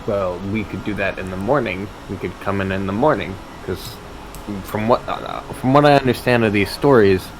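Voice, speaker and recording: A man's voice: fairly low pitch, moderate pace, noisy background. A man playing a tabletop role-playing game, joking in character and insisting on his ideas. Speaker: player.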